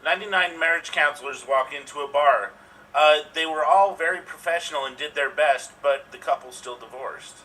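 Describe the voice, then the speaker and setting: A man's voice: a little high, normal speed, pushed and bright, recorded from a distance, a little hiss or hum, low-quality recording. A man from California with an American accent, telling improv jokes with a drawl. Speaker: improv player.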